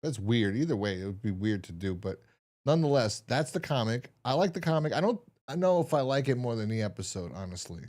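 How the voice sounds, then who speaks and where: A man's voice: mid-range voice, fairly quick. A man co-hosting a podcast, casually reviewing and recapping a story with lots of fillers. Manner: rambling, lively, many fillers. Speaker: podcast co-host.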